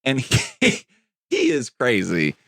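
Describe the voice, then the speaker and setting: A man's voice: medium pitch, huge pitch swings, slow, gravelly, a bit bright. A man co-hosting a podcast, chatting loosely about a movie, rambling, laughing often and swearing casually. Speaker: podcast co-host. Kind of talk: casual movie review chat.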